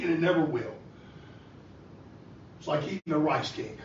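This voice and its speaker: A man's voice: on the high side, very animated, fairly quick, pauses often, slight background noise. A man preaching a sermon with an impassioned delivery that rises and falls, recorded in a church. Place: church sanctuary. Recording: echoey church hall from far off, dull and lo-fi.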